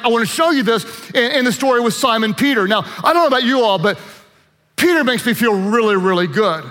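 A man preaching a sermon as pastor, animated and playful, acting out quotes with humor. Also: very high voice, long reverb tail.

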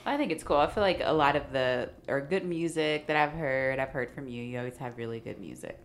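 A woman guest on a podcast, chatting casually and agreeing warmly with the host. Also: very deep voice, a little fast, a little hiss or hum. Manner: supportive listener, frequent agreement.

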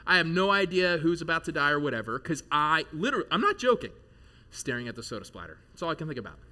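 A man in his thirties preaches to his congregation in a keenly bright, sharp voice pitched a little high. He tells his story with animated, jokey energy and breaks into sudden loud outbursts. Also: fast. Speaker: pastor. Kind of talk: sermon with a humorous personal story. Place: church service before a live congregation.

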